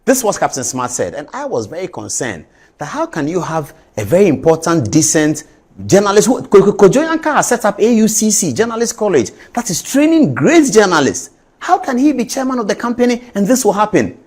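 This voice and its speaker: A Ghanaian man hosts a TV talk show, reading out papers and then commenting on them with heavy emphasis. His voice sits a little high and swings widely in pitch as he talks. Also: brisk, breathy edge. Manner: animated, emphatic, reads documents aloud.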